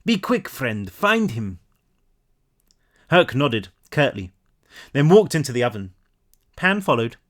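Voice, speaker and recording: An author reading his own novel aloud in an animated way, adding casual self-mocking asides. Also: fairly high pitch.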